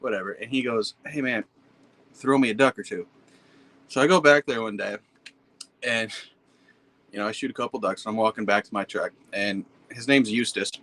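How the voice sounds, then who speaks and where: A man's voice: lowish voice, normal speed, pauses often, a bit bright, low-quality recording. A man from Pennsylvania, a podcast guest, telling stories in a laid-back, blunt and profane way. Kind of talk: casual storytelling chat.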